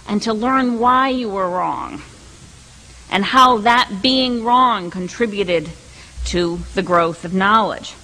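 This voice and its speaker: A middle-aged woman reading a prepared academic lecture at a colloquium, measured and deliberate, with occasional restarts. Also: mid-range voice, pushed and bright, low-quality recording. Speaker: colloquium speaker.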